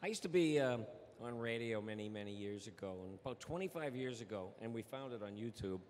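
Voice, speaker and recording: A man telling casual anecdotes as a voice actor on a convention panel, animated and laughing often. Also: medium pitch, fairly quick. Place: large convention hall. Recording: long hall reverb with faint noise.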